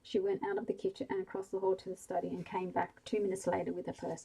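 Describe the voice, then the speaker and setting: A woman reading a bedtime story aloud slowly and softly, in whispered role-play. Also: medium pitch, flat delivery, vocal fry, slightly rough, low-quality recording. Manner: slow, hushed bedtime reading.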